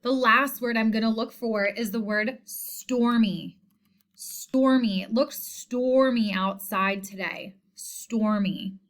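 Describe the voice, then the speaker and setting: A woman teacher giving a spelling lesson, speaking slowly and deliberately and repeating each word. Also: on the high side. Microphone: screen recording voice-over.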